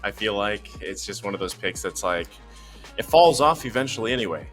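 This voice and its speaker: A man's voice: fairly low pitch, lively intonation, brisk, fairly bright tone, faint music behind. A man, an esports caster, talking in an upbeat, rambling way on a recap panel. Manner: upbeat, rambling, many fillers. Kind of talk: casual panel chat.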